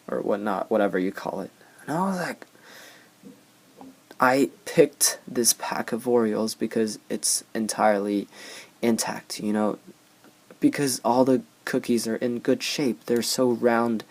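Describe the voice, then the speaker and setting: A man's voice: mid-range voice, gravelly, a little mellow. A young man hosting a casual podcast, telling rambling anecdotes with many fillers. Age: young adult. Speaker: podcast host.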